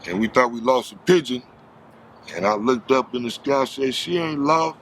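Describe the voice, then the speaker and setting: In a storytelling interview, a man from Los Angeles speaks at a moderate pace in a medium-pitched voice, using heavy street slang and acting out quoted voices. A little hiss or hum sits under the recording.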